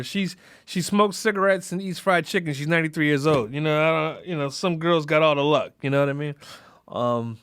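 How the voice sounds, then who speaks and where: High-voiced man musing in a podcast. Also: fairly bright tone, clear, resonant tone, no room sound, clean studio sound. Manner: rambling, frequent fillers, laughs through grief. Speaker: podcast host. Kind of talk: casual reflective monologue.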